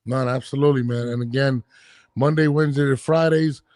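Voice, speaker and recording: A man's voice: mid-range voice, fairly even intonation, fairly quick, a little mellow, a little hiss or hum. A man hosting a podcast, chatting in an easygoing, friendly way. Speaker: podcast host. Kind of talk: casual podcast chat.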